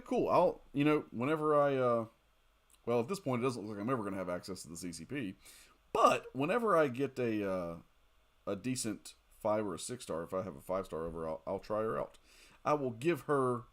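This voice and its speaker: A man streaming a mobile game late at night, chatting casually, reading viewer comments aloud, joking and laughing often. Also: mid-range voice. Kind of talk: casual live-stream chat while playing.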